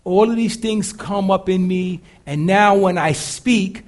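A man with a deep voice preaching a sermon to a live congregation, moving between loud and hushed delivery. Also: unhurried. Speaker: pastor.

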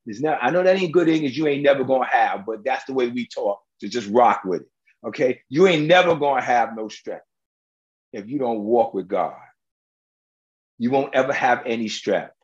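A man's voice: medium pitch, a little mellow, muffled recording. A male preacher delivering an emphatic, colloquial sermon, firing rhetorical questions at the congregation.

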